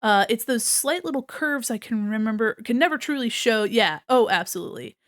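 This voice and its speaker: A woman's voice: fairly high pitch, animated, a little fast, fairly bright tone. A woman live-streaming art critiques in a casual, chatty way. She swears casually and reads chat aloud as she draws.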